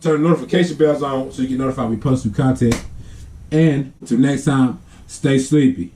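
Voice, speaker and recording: A man vlogger telling a family story to camera in a casual, animated way, laughing often and acting out the sounds. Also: mid-range voice, a little fast, slight background noise.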